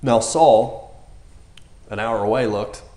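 A man's voice: fairly low pitch, slow, roomy sound. A man preaching a casual, joking sermon, acting out the characters in raised voices. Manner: animated, jokey, acts out characters with raised voices.

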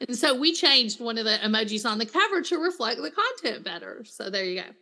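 A middle-aged woman, a counselor and author, chatting as an interview guest and telling stories with lively quoted voices. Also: a little high, brisk. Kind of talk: casual interview chat.

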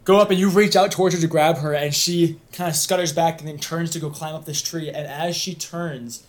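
A man's voice: a little high, steady tone, brisk. Rambling game master man. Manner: rambling, full of ums and uhs. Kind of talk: narrating a tabletop game.

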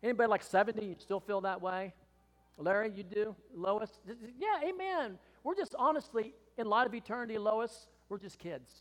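A man's voice: high voice, normal speed. A man in his sixties preaching a sermon to his congregation, earnest and emphatic, rising to impassioned pleading. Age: 60s. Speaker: pastor. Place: church hall. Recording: long hall reverb.

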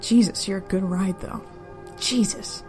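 A woman's voice: medium pitch, steady tone, measured pace, music in the background, close to an everyday voice. A woman reading as a sneering, cruel young man. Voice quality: thin, haggard, dry voice. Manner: sneering, crude taunts.

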